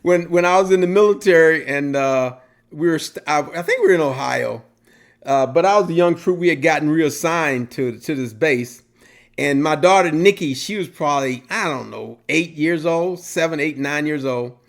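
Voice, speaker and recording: A middle-aged man co-hosting a casual talk show, an animated storyteller who laughs often. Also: a little high, moderate pace, vocal fry. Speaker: podcast co-host. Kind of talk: casual chat.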